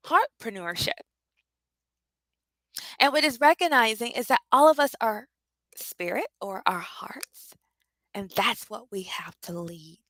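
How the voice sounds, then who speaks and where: A woman's voice: fairly high pitch, pushed and bright, no echo, rough recording. A woman teaching spiritual leadership with emotional, preacherly emphasis and repetition. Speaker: leadership coach.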